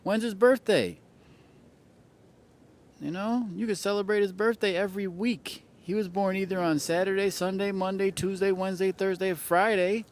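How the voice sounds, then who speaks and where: A man's voice: high-pitched, steady tone, moderate pace. A man hosting an astrology livestream in casual chat, playful and teasing with viewers, often repeating phrases for effect.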